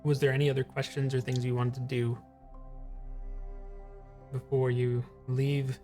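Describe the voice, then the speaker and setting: A man running a tabletop game as game master, playful and quick to laugh. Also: mid-range voice, flat delivery, dark tone, faint music behind. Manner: playful, joking, laughs a lot.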